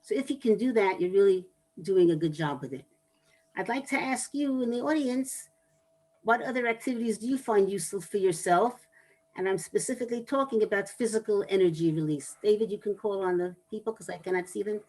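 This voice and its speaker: A woman giving a talk on anger management to an audience, explaining in a measured way with pauses and restarts. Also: mid-range voice, darkish tone, poor audio.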